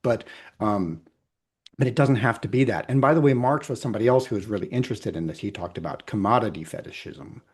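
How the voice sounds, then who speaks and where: A middle-aged man talks over a video call as a psychologist guest, his voice husky and a little low. He explains ideas thoughtfully, hedging and checking in with the listener as he goes. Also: fast. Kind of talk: conversational explanation.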